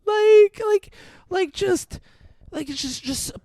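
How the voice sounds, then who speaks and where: A man's voice: very high voice, expressive, slow pace, a little mellow, no echo, pitched above the performer's own voice, full character voice. A man voicing a shaken young woman who frantically tries to soothe someone, talking in a raised, repetitive way. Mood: frantic.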